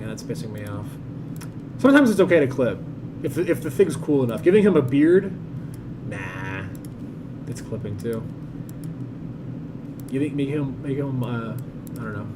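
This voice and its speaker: A man's voice: medium pitch, moderate pace, noisy background. A man streaming a game, chatting casually and thinking aloud, often restarting his sentences. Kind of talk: casual live-stream chat.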